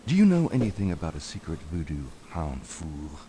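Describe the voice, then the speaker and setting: An actor playing a self-assured male writer turned detective in a 1990s adventure game, smooth and flirty. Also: rumbling low, huge pitch swings, a little fast, dark tone, a little hiss or hum, exaggerated voice. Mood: smug. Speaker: game protagonist.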